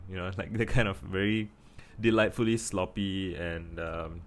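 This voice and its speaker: A man's voice: sits low, fairly even intonation, normal speed, gravelly, few pauses. A man from Singapore with a Singaporean English accent, talking casually to camera and thinking aloud with many restarts. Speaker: vlogger.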